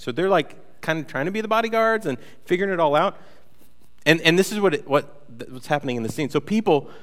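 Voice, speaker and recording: A man preaching a conversational sermon as a pastor, telling stories with playful, animated asides. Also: a little high, long reverb tail.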